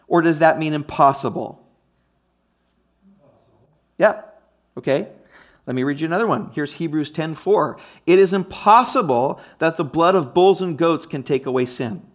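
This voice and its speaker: A man's voice: on the high side, animated, a little slow. A man preaching a conversational teaching sermon, emphatic and often checking in with his listeners. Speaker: pastor.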